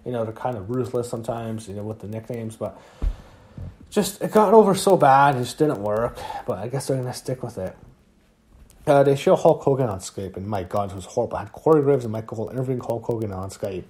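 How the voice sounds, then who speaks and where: A man's voice: medium pitch, expressive, fairly quick, darkish tone. A man giving a casual spoken review of a wrestling show, swearing often and ranting when annoyed. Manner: profane, ranting, easily annoyed.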